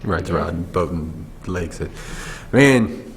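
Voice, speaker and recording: A deep-voiced film director tells stories in a behind-the-scenes interview. He acts out the people he worked with as he goes, over a faint hum of ambience. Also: moderate pace. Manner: animated storyteller, mimics people.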